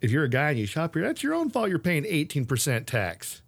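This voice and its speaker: This podcast co-host has a brisk, fairly high voice that's gravelly with a breathy edge. In a casual chat he spins stories energetically and laughs a lot.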